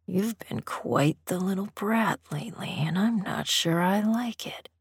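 A woman voicing a stern, teasing male master in a low, rough, commanding whisper, as whispered role-play. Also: expressive, moderate pace, no echo, clean studio sound, full character voice.

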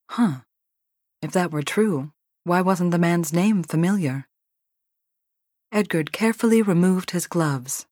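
Female audiobook narrator, low register, dry studio read. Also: unhurried, darkish tone, no room sound. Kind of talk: scripted narration.

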